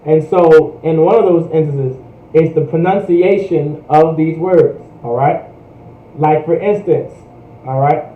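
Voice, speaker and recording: A man's voice: on the high side, unhurried, slight background noise. A man teaching a language class, talking casually and checking in with "right?" after nearly every phrase. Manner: repeats "right?" and "all right?" constantly. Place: US, Hampton Roads area. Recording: roomy, dull livestream audio.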